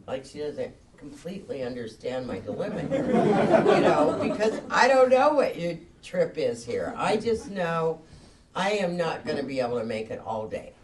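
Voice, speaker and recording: At a recovery meeting in a meeting room, a woman with a low, very animated voice tells her story candidly at a moderate pace, laughing at herself along the way. A distant mic picks up crowd noise and faint background hiss.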